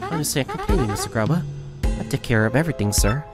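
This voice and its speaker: A man voicing a guarded woman arena manager in a flat, formal, clipped tone. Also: mid-range voice, fast talker, over music, pitched below the performer's own voice, lightly acted.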